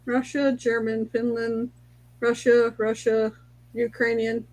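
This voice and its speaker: A woman co-hosts a casual livestream with a somewhat high voice. She reads out viewers' names and guesses briskly. Her delivery is plain and matter-of-fact. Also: level tone, darkish tone. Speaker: co-host reading viewer comments.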